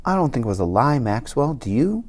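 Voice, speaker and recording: A reader voicing a kind, weary woman doctor who speaks softly and slowly in an audiobook. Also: mid-range voice, big pitch swings, pitched below the performer's own voice. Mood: gently sad. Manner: soft, slow and quiet. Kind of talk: audiobook character voice.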